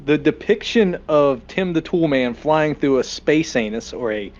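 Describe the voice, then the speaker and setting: A man's voice: on the high side, expressive, measured pace, a little mellow, lo-fi sound. A man co-hosting a podcast, chatting casually and crudely about a movie and acting out lines. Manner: joking, crude, quotes scenes in put-on voices. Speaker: podcast co-host.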